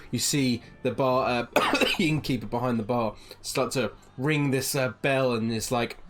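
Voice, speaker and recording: A game master narrating a tabletop game in a rambling way, full of fillers and "like"s. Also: medium pitch.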